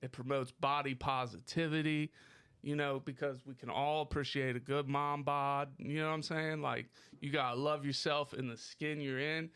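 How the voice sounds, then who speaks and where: A man hosting a casual podcast, animated, profane and joking with his co-hosts. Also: medium pitch, moderate pace, clean tone. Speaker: podcast host.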